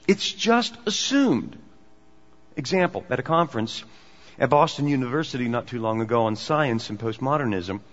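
Male preacher, mid pitch, emphatic then hushed; long hall reverb, muffled lo-fi sound. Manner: swings between emphatic and hushed delivery. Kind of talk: sermon. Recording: dull, echoey hall recording.

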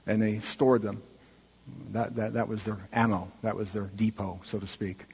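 A man speaking earnestly to a congregation as he narrates a slideshow, asking for the next slide and pausing on fillers. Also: on the low side, flat delivery, vocal fry, darkish tone, a little hiss or hum. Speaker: church mission speaker presenting slides. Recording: dull, muffled audio with long hall reverb.

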